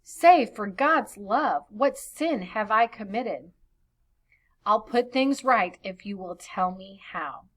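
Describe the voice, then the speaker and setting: Woman reading as an old wife who is hurt and reproachful; slow, a touch higher than her own voice. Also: expressive. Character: ancient wife pleading with her new husband.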